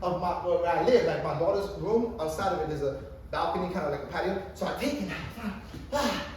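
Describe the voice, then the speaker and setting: A man's voice: sits high, animated, quick pace, a little mellow. A man in his thirties doing a stand-up comedy routine at a coffee shop open mic, rambling through his story with lots of fillers and swearing. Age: 30s. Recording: echoey distant room recording with ambient noise.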